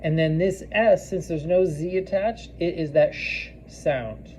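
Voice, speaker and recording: A man giving a casual spoken language lesson, slowly repeating foreign phrases and using many fillers. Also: on the high side, darkish tone, slight background noise, low-quality recording. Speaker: language teacher.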